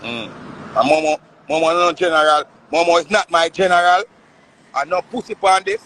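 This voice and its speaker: A man's voice: fairly high pitch, fairly quick, fairly bright tone, a little hiss or hum. A man in his thirties with a Jamaican Patois accent, ranting on a casual live stream in an emphatic, repetitive, boastful way. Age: 30s.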